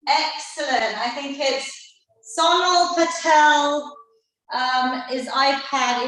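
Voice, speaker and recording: A woman's voice: sits high, fairly bright tone. Woman coaching a workout in an echoey room. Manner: encouraging, counts down reps and cheers everyone on. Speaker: fitness instructor. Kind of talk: leading a live online seniors' workout class. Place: indoor room, live video class. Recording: very echoey room, voice far from the mic.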